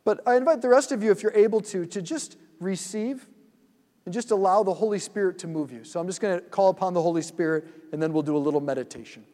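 A man leading a guided prayer meditation in a church hall, speaking gently and soothingly and often dropping to a hush. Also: high voice, fast talker.

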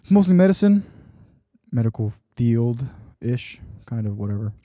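A man's voice: medium pitch, sing-song, moderate pace, mellow, no echo, studio quality. A man hosting his own podcast alone, talking casually and rambling with frequent restarts. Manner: rambling, self-correcting. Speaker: podcast host. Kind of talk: casual solo podcast talk.

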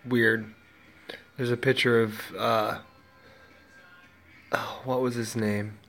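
Gravelly-voiced tired male host, loose distracted solo chat, faint music bed. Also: medium pitch, little pitch movement, slow, a bit bright. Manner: rambling, distracted, talks to his cats. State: tired, yawning. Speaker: podcast host.

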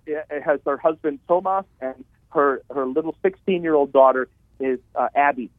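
A male Catholic priest speaks earnestly, stumbling over and repeating his words as he preaches. His voice sits a little high and dry. It comes through a thin, tinny phone line with no room sound. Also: normal speed, no room sound. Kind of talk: radio talk on faith. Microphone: telephone.

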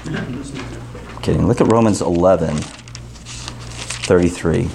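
A man's voice: sits low, measured pace, creaky, dark tone, slight background noise. A male pastor preaching a sermon in a casual, joking tone, counting off numbered points and reading scripture.

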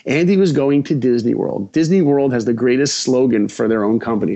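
A man in his forties from New York, a podcast guest telling his story in an animated, emphatic way. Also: medium pitch, brisk. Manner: acts out dialogue, emphatic.

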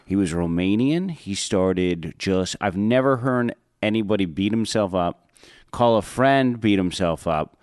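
Animated male comedian telling a story. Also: lowish voice, unhurried, smooth, no room sound, studio quality. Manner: animated, laughing, full of self-corrections. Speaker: comedian and podcast host. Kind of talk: casual storytelling. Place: podcast studio.

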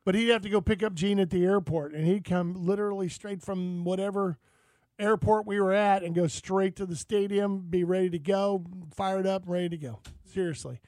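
A man's voice: sits high, normal speed, no echo. A man hosting a casual sports and outdoors radio show, telling stories and acting out what people said. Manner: lively storyteller, acts out quotes.

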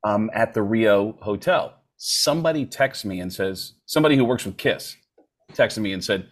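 A man's voice: fairly low pitch, moderate pace, slight background noise. A man, a comedian guest, telling a story in casual chat and acting out quotes in other voices. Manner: animated, acts out quotes in shifting voices.

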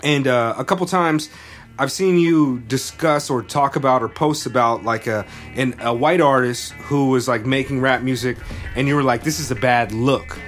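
A man's voice: medium pitch, normal speed, fairly bright tone, faint music behind. Rambling, easygoing podcast host man. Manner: loose and joking, trails into thoughtful riffs with many fillers. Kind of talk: casual chat.

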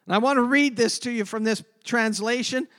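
A man preaching a sermon, emphatic, moving between loud passages and hushed ones. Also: very high voice, brisk. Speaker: pastor.

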